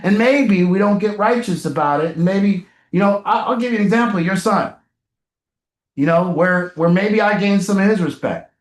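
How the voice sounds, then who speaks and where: A man's voice: high-pitched, normal speed. A man leading a recovery group session, coaching members in a blunt, emphatic way with casual swearing. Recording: roomy echo.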